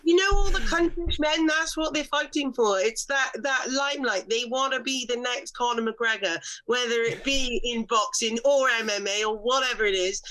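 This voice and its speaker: Woman podcast guest, slightly high pitch, candid and blunt, casual storytelling. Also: normal speed, few pauses, pushed and bright, low-quality recording. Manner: candid storytelling, frequent restarts and swearing. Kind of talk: casual conversation.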